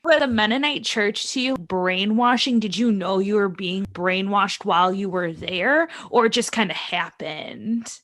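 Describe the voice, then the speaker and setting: A woman's voice: mid-range voice, measured pace, few pauses, fairly bright tone, no room sound. A woman co-hosting an interview, asking questions and reacting bluntly with jokes. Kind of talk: casual interview chat.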